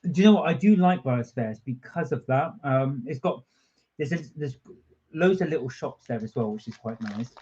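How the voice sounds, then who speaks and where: A man's voice: medium pitch, animated, moderate pace, darkish tone. Eager man chatting on a lo-fi stream. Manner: eager, snacking while talking, reads viewer comments aloud. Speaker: vlog co-host. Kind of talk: casual live-stream chat. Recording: dull lo-fi home stream audio.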